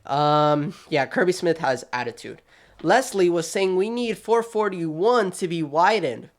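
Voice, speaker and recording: A man hosting his channel, giving quick, chatty, animated commentary with a sassy streak, talking straight at the people he discusses. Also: high voice. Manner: quick, chatty, restarts often. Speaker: channel host. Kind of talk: casual video commentary.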